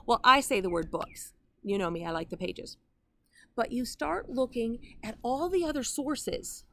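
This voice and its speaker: Slow, earnest grandmotherly Bible teacher woman. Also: fairly high pitch, gravelly, a bit bright. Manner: earnest and conversational, with personal asides. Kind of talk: online Bible teaching to camera.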